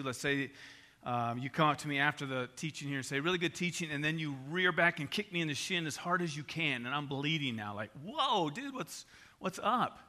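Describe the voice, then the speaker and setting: A middle-aged man preaching. His voice sits a little high and sounds very bright and forceful. He tells homely stories animatedly, with his pitch jumping up at each punchline. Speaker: pastor. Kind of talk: sermon with personal stories.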